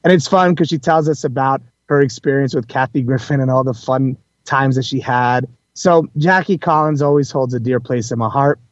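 A man hosting a talk radio show, chatting warmly and effusively to his listeners. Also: medium pitch, moderate pace, few pauses, dry recording. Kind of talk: casual talk radio monologue. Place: indoors, calling in live from a holiday trip. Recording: dull lo-fi broadcast audio.

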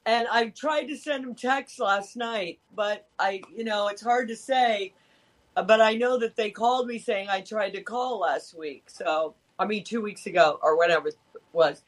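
Man, high pitch, casual chat, rambling, trails off. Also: moderate pace, a bit bright. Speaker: co-host.

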